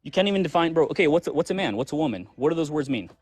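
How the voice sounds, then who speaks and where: A man's voice: a little high, lively intonation, very fast, a little mellow, husky, no room sound. A man in a heated street debate, combative and insulting, repeating his questions.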